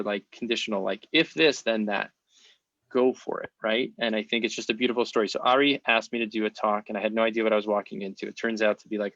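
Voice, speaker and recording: A man hosts a podcast interview, sounding earnest and encouraging, and wraps up with some reflections. His voice is mid-range with a fairly bright tone, and the audio is dry, muffled and lo-fi with no echo.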